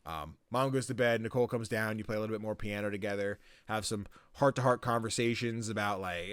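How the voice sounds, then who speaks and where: A man's voice: lowish voice, a little fast, hardly any pauses, a bit bright, clear, resonant tone, dry recording. A man co-hosting a podcast, casually recapping a story game, rambling with lots of filler words and frequent swearing. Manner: rambling, swears freely, lots of likes and ums. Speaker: podcast co-host.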